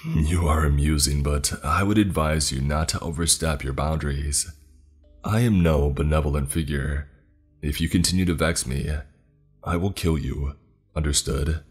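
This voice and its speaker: A cold, deliberate skeleton spirit, put on by a man reading a horror story, with a remarkably deep voice. He taunts slowly, sure of his power. Faint music plays behind him. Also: breathy edge. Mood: menacing. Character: ancient menacing male skeleton spirit. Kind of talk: scripted horror story narration.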